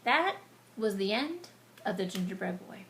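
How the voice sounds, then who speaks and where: A woman reading a picture book aloud to children, animated and stopping to explain words to them. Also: mid-range voice, moderate pace, background noise. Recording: echoey room.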